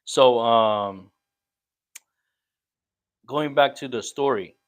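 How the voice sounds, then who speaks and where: A man hosts a relaxed chat and keeps the talk moving with brief questions. His phrasing is halting and informal, with some restarts. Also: mid-range voice. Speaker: host. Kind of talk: casual interview chat.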